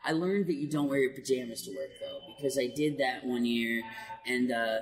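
A male voice actor tells stories in a casual interview, animated and laughing often. His voice is medium-pitched at a normal speed, picked up from a distance in an echoey hall with faint noise.

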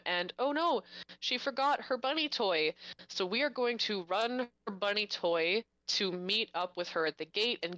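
Bright, crisp-voiced woman chatting. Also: fairly low pitch, no echo, low-quality recording. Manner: chatty, animated plot recap. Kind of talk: casual chat.

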